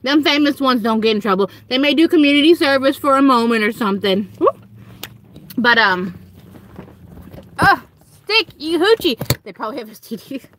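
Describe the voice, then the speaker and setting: A young woman with a Southern US accent chatting casually to viewers on a livestream from home, giggling and breaking into high squealing quotes. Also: normal speed, pauses often, fairly bright tone, a little hiss or hum. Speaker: livestream host.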